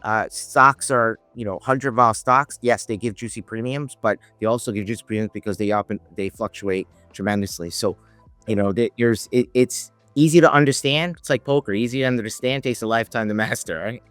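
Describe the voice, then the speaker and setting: A man's voice: medium pitch, a little fast, a bit bright, no echo, soft background music. A man speaking as a podcast guest, telling a story in casual conversation, rambling with many restarts and voicing the people in it. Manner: rambling, many restarts, acts out quoted dialogue. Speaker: podcast guest, options trader.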